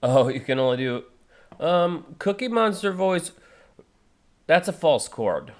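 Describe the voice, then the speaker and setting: A man's voice: on the high side, animated, slow pace. A man in his thirties chatting on a live stream, rambling with many fillers and restarts, now and then breaking into harsh vocal demonstrations. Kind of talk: casual live-stream chat.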